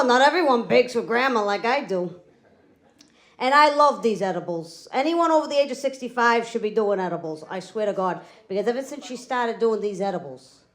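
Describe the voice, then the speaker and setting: A young woman with a Boston accent doing a stand-up set, brash and self-mocking. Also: medium pitch. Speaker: stand-up comedian.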